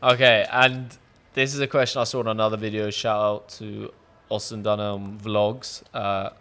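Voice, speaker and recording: A man's voice: on the low side, level tone, moderate pace, pushed and bright. A man hosting a casual sit-down chat, frank and jokey, swearing freely. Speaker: podcast host.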